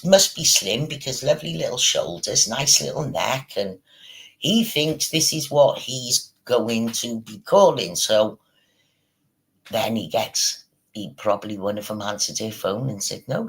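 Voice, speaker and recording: Gravelly, slow-talking man ranting. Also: on the low side, a bit bright, low-quality recording. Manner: sweary, mocking and scornful. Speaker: streamer. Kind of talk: ranting commentary.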